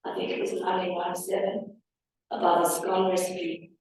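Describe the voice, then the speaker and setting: A woman's voice: on the low side, monotone, a little fast, a little mellow, a little hiss or hum. A woman giving a reflective, wry personal talk as a speaker at a public forum. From Australia. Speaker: panel speaker. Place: large hall with audience. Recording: echoey hall from far off.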